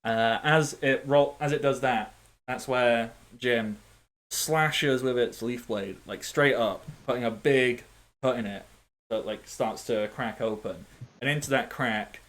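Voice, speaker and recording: A man's voice: mid-range voice, a little slow. Playful man running a tabletop game. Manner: animated, playful, makes sound effects. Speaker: game master.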